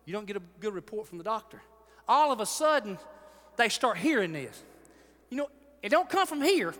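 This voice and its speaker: A pastor preaching a sermon, animated, swinging between shouted lines and hushed ones. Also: male voice, sits high, normal speed, pauses often. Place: large church hall. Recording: long hall reverb.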